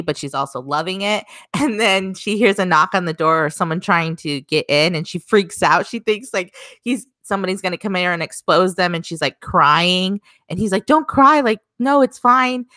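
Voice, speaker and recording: A woman with a low voice co-hosting a casual podcast. She retells scenes from a series in an unhurried, easygoing way. The recording is dry and close. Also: fairly bright tone, no echo. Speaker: podcast co-host.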